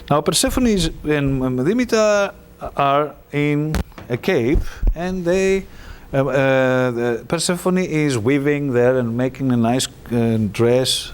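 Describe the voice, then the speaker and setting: A man retelling an ancient myth in a lecture, animated and halting with fillers. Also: fairly high pitch. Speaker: presenter.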